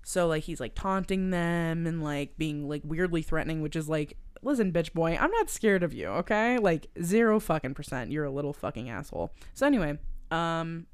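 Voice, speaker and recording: A woman's voice: deep voice, animated, normal speed, clean tone, no echo. A woman co-hosting a podcast, recapping a film with lots of swearing and emphatic quoted lines. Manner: profane, emphatic, quotes characters. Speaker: podcast co-host. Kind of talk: casual movie recap chat.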